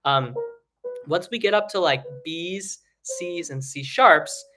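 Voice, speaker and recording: Bright-voiced male singing teacher, chatty. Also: slow pace, soft background music. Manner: casual, rambling, many fillers and restarts; breaks into loud high sung demonstrations. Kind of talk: live online singing lesson.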